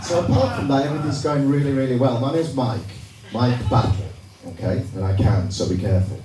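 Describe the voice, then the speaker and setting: A man's voice: mid-range voice, animated, fairly quick. A man with a Yorkshire accent doing a stand-up comedy set, chatting with the crowd and tossing out sardonic asides. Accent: Northern English, Yorkshire. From England. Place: comedy club stage. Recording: echoey room, recorded from far off, noisy. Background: audience laughter.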